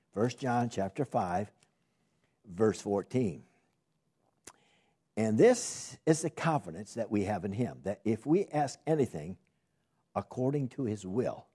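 Husky, animated man preaching a sermon. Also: mid-range voice. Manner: animated, repeats phrases, restarts, asks the audience questions.

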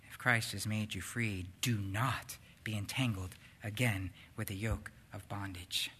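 A man preaching a sermon, swinging between loud, urgent passages and hushed, near-whispered ones. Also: on the low side, fairly even intonation, unhurried, a little hiss or hum. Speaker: pastor.

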